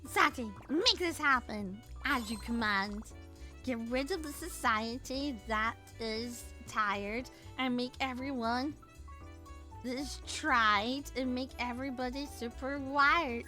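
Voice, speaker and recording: A calm cartoon wish-granter, literal-minded and dry, voiced by a woman. The voice is pitched high but lower than the others, and it sounds bright. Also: slow, faint music behind. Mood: deadpan.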